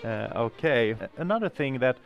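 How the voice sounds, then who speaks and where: A man hosting a podcast interview, asking calm questions. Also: medium pitch, normal speed, dull audio, faint music behind. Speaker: podcast host.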